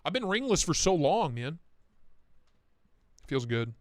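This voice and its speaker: A man's voice: on the high side, very animated, measured pace, no room sound, clean studio sound. Chatty man hosting a livestream. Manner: chatty, swears freely, reads chat aloud. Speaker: livestream host. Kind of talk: casual livestream chat.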